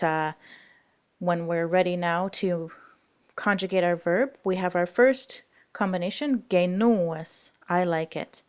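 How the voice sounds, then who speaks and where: A woman's voice: fairly low pitch, clean tone. A woman language teacher explaining grammar rules in a recorded lesson, patient and explanatory with frequent fillers.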